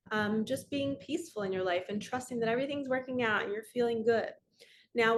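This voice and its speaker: A woman's voice: a little high, slight background noise. A young adult woman giving an earnest motivational talk as a spiritual coach, often speaking out imagined inner dialogue.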